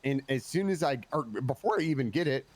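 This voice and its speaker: A man's voice: mid-range voice, lively intonation, brisk. Rambling, profane man in game roleplay. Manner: rambling, profane storytelling with many restarts. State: tired. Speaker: police commander in roleplay. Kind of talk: in-character roleplay chat.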